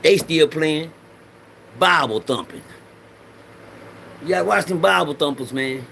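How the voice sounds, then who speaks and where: High gravelly man, preachy rambling vlog. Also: slow, a bit bright, slight background noise. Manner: preachy, repeats lines for the audience to say along; loose Southern street slang, swears freely. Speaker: vlogger. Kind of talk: rambling personal monologue.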